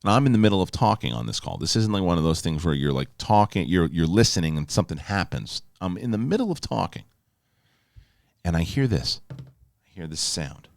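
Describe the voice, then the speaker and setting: A middle-aged man hosting a casual solo show, telling stories with lively, animated delivery and reading a sponsor spot. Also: low voice, fairly quick, vocal fry, no echo, studio quality. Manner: animated storytelling, yelling in quoted outbursts. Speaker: host.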